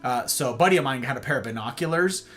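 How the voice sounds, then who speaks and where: An American man hosting a livestream monologue, talking in an animated way and often checking in with "right?" and "okay?". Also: medium pitch, fast talker, faint music behind. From United States. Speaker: host.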